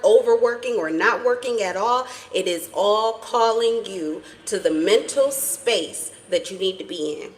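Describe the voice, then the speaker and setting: A woman's voice: a little high, poor audio. Blunt, profane woman reading tarot. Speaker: tarot reader.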